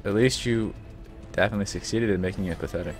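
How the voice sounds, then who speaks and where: A man in casual game voice chat, making dry, deadpan sarcastic remarks. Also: fairly low pitch, fast, music in the background. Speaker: game player.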